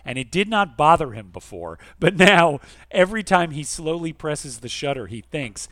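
A man co-hosting a podcast, reading listener emails aloud expressively and going quiet and soft for the serious ones. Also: normal speed, no room sound. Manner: expressive reader, dropping soft and low for serious letters. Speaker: podcast co-host.

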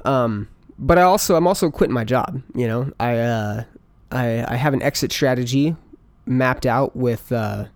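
A man's voice: medium pitch, normal speed, no room sound. Rambling, swearing man in a dry recording. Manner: rambling, profane, full of fillers. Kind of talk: casual monologue.

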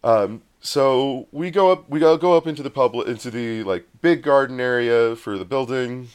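Man, mid-pitched and smooth, casual rambling storyteller who acts out the quotes. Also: normal speed.

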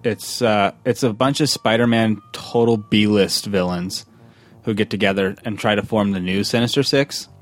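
A man's voice: fairly low pitch, fairly even intonation, normal speed, faint music behind. A man chatting casually about comics, eager and rambling with many restarts.

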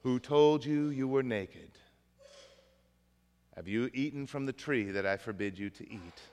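A man's voice: medium pitch, animated, a little slow, darkish tone, big-room sound. A male pastor voicing God, calling out sternly during a sermon retelling. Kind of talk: sermon storytelling.

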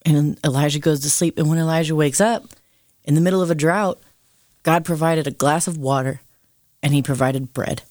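A mid-pitched podcast co-host explains ideas thoughtfully and at length, dropping in quick asides. The voice is close on the mic in a dry room. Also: fairly even intonation, darkish tone, dry recording. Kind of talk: casual faith discussion.

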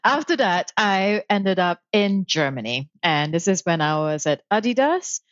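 A woman guest speaking in a thoughtful, measured way, with frequent ums and light laughs, about her career. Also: lowish voice, very animated, dry recording, highs cut off. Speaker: interview guest, author and founder. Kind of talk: casual conversational interview.

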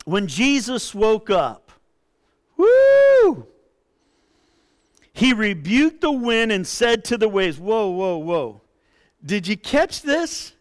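Male pastor, expressive sermon delivery with impassioned peaks; clear, resonant voice. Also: high-pitched, a little slow, few pauses. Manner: expressive preaching, rises to impassioned pleading.

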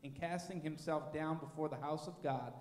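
A man reading scripture aloud in a church with a steady, measured delivery. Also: on the high side. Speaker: scripture reader. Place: church sanctuary. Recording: echoey church hall with long reverb.

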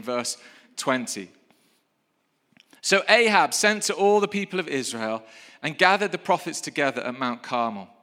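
Bright-voiced preacher in a reverberant hall. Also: male voice, a little high. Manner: lively, playful, builds to rousing calls of praise. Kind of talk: sermon with scripture reading.

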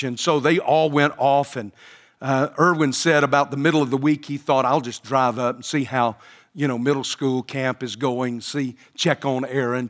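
A man preaching a sermon, telling a story with frequent pauses and fillers and building to emphatic quoted lines. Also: a little high, fairly bright tone. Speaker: pastor.

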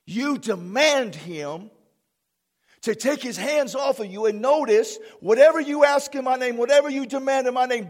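A male pastor preaching a sermon with fervor, often shouting for emphasis, with a husky voice. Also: high-pitched.

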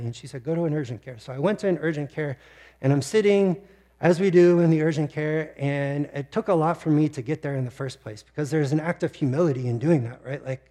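Guy pastor preaching, mellow voice, kinda high, gets choked up telling his story. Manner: personal storytelling, emotional, tearing up at times. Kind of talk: sermon.

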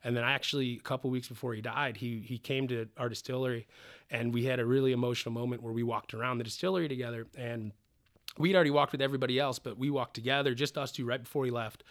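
A man who founded a distillery, telling stories in a casual interview, animated, swearing casually and getting emotional. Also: medium pitch, fast talker. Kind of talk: casual storytelling in a podcast interview.

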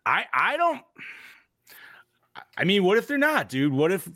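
A man's voice: sits high, measured pace, no echo, clean studio sound. A man hosting a casual podcast chat, leading the group through scores and questions. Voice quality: animated, runs the discussion. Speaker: podcast host.

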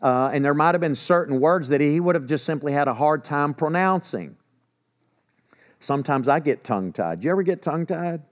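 High-voiced male preacher. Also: moderate pace. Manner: casual, animated retelling with acted-out dialogue. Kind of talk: sermon.

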